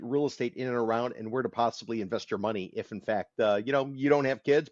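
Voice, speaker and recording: A man's voice: mid-range voice, darkish tone, no echo. An upbeat man co-hosting a podcast, talking casually into a close mic. His voice sounds dry and a little dull. He speaks plainly and keeps things moving. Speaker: podcast co-host. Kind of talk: casual chat. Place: studio.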